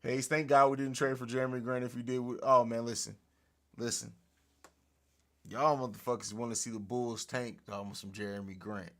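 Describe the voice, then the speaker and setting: A man hosting a casual sports podcast livestream from a home studio, animated and profane, laughing often, recorded on an overhead mic. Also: mid-range voice, moderate pace. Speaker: podcast host.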